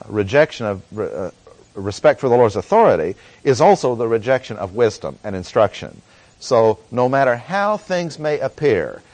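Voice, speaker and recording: A man gives a Bible study lecture, earnest and explanatory, stopping often on "uh" as he works through the words. His voice sits at an ordinary middle pitch. The recording is close and dry, with no room echo. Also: darkish tone. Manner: earnest teaching tone with frequent "uh" pauses. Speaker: Bible teacher.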